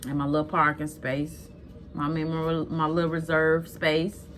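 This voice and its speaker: A woman's voice: deep voice, unhurried, slight background noise. Emphatic woman telling her own story. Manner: animated, emphatic, addresses viewers directly; blunt and scolding. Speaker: vlogger telling a personal story; mother. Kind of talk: casual storytelling to viewers.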